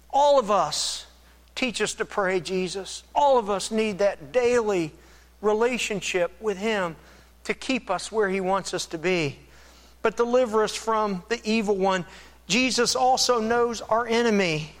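A man preaching a sermon as pastor, earnest and measured, with occasional restarts. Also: sits high, in a large hall.

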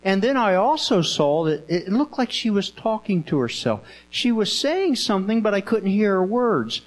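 Gentle man storytelling to children. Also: sits high, very animated, low-quality recording. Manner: gentle, coaxing, drawn-out storytelling with repeated phrases and prompts to children. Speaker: children's Bible teacher. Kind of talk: first-person Bible storytelling to children. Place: indoor room with children present.

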